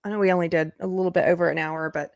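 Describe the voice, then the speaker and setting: A woman's voice: on the low side, little pitch movement, rapid-fire, dry recording, clean studio sound. A woman hosting a casual live chat, rambling through stories and laughing often. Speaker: livestream host. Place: indoors, upstairs room.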